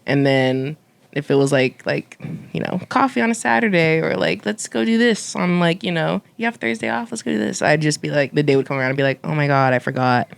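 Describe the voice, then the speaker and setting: A woman's voice: low voice, a little fast, vocal fry, clear, resonant tone, no echo. A woman co-hosting a podcast, chatting casually and teasing her friends with frequent laughter. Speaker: podcast co-host. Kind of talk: casual chat.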